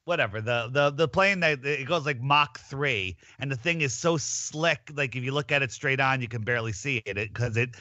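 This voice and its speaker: Male guest, casual rambling storyteller; bright tone, dull lo-fi recording. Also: medium pitch, moderate pace, hardly any pauses, no room sound. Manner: rambling storyteller, many restarts. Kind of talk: casual chat.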